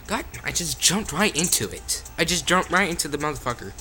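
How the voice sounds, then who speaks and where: Soft music plays behind a man whose fairly high, expressive, sharp-toned voice moves along fairly quickly as he plays a phone game. He curses constantly in this let's-play commentary, flaring up in sudden frustration, all recorded on the device's mic.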